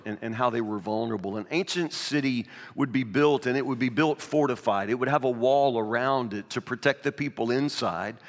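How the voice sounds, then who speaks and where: In a hall with long reverb, a pastor reads from scripture and then recounts a children's fable, telling it in a rambling, repetitive style. His voice is mid-range and a bit bright.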